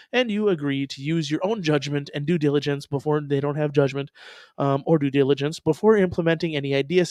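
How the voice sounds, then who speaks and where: A man's voice: a little high, no echo, clean studio sound. A male show host in casual commentary, reading a disclaimer aloud with profane, sarcastic asides and chatting with viewers. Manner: chats with viewers in a live chat.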